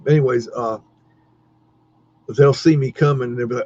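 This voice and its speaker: A man's voice: medium pitch, steady tone, moderate pace, long pauses, darkish tone, no echo. A man hosting a live stream, chatting casually and rambling, with frequent laughs and many restarts. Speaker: livestream host. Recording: dull lo-fi stream audio.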